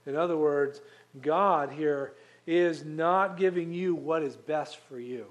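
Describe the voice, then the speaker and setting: A man's voice: on the high side, slow pace, long pauses. A man preaching a sermon in a conversational way, asking the listeners rhetorical questions. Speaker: pastor.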